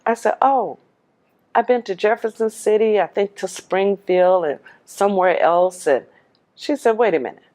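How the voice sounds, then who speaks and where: A woman telling her own life story in a lively, animated way, acting out the voices in the dialogue she recounts. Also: medium pitch, normal speed. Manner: laughs while telling. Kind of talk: personal storytelling.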